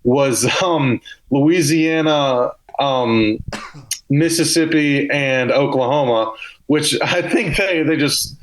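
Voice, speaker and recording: A man's voice: medium pitch, takes it slowly, rough recording. A young man with a Southern US accent, a comedian telling loose, self-deprecating stories as a guest in a casual podcast interview.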